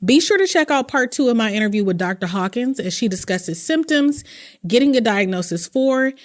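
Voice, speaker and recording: A young adult woman hosting a podcast, talking earnestly and emotionally, quick to laugh. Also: fairly high pitch, lively intonation. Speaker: podcast host. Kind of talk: warm conversational podcast interview and outro.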